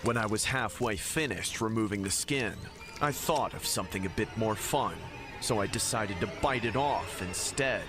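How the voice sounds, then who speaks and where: A man narrating a first-person horror story in an even, dramatic storytelling manner. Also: lowish voice, moderate pace. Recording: loud music underneath.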